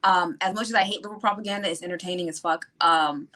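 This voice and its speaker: A woman's voice: lowish voice, sharp tone. Scornful, swearing woman guest. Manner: profane, scornful, quick. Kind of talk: casual political chat.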